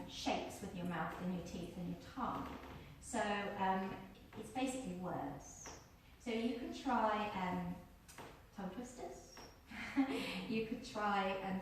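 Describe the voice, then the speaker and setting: A woman's voice: medium pitch, slight background noise. A woman teaching a workshop on using the voice, chatty and encouraging as she demonstrates exercises aloud to a group. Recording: very echoey room, voice from far off.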